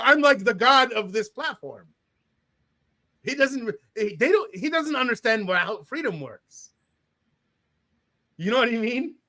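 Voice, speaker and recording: A man with a high-pitched voice hosts a casual talk show and reads viewer comments aloud. He sounds animated and indignant and laughs as he talks. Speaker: podcast host. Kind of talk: casual conversation, reading out comments.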